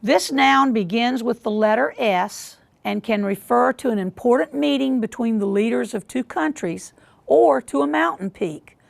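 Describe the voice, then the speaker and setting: A woman hosting a school quiz show, reading questions in a measured way and repeating them deliberately. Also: a little high, creaky.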